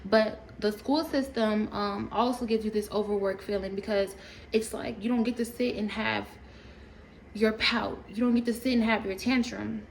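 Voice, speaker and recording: A woman ranting casually to camera, animated and profane, rambling with laughs along the way. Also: medium pitch, moderate pace, vocal fry, slight background noise, poor audio. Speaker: storytime creator.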